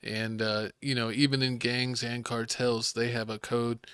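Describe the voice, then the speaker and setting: Texan guy hosting a podcast, flat wry delivery, crisp bright voice, dry sound. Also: mid-range voice, measured pace, no room sound. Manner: laid-back, wry, deadpan asides. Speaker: podcast host. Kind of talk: casual podcast chat.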